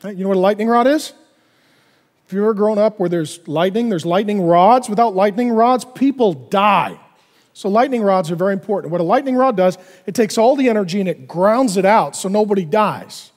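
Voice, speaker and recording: A male pastor preaching a sermon in an animated way, acting out little dialogues in other voices. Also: high-pitched, brisk, big-room sound.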